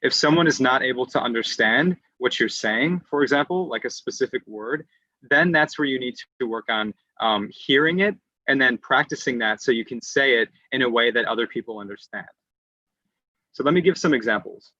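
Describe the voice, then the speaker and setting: Bright-voiced man lecturing online. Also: medium pitch, normal speed, no echo. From United States. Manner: patient explainer who often restarts phrases and fills with "um". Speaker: English teacher presenting at an online conference. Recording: dry, slightly muffled online audio.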